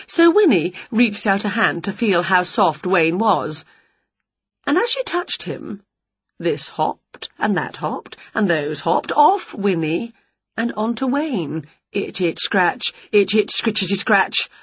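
A woman reading a children's picture book aloud, slow and very lively in pitch, with a soft breathy tone. Her first language is Chinese. The recording is dry, close and somewhat dull and lo-fi. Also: no room sound.

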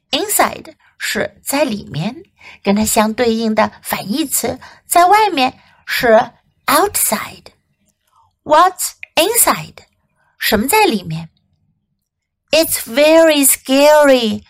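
A woman English teacher reading a storybook to children and slowly explaining phrases. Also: high voice. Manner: slow, clear, explaining and repeating for children.

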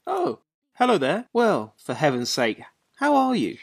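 A woman's voice: medium pitch, huge pitch swings, unhurried, breathy edge, no echo, studio quality, exaggerated voice. A woman voicing Jack, a careless and easily irritated man on the phone, in a dialogue drama reading. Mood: breezy. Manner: brusque, offhand and easily irritated. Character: careless, impatient man on a bad long-distance phone line.

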